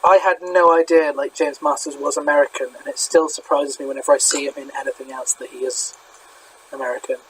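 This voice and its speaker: A man's voice: fairly high pitch, little pitch movement, brisk, a bit bright, slight background noise, rough recording. A man with a British accent hosting a podcast in casual chat, chatty and self-deprecating, often stumbling and restarting. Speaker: podcast host.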